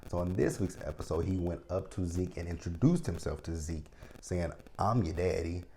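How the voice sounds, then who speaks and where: A man in his thirties with a low, deep voice and a mellow, dark tone rants his way through a TV episode recap. He talks straight to his viewers in a blunt, profane, casual way. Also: normal speed, creaky, slight background noise. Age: 30s. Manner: blunt, profane, ranting commentary. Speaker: TV episode reviewer.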